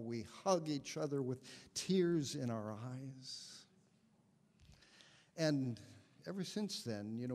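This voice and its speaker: A male guest minister delivers a sermon at an unhurried pace, weaving a personal story with gentle humor. His voice sits in a middle register. The sound carries a long reverb, as in a sanctuary. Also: medium pitch. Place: congregation sanctuary.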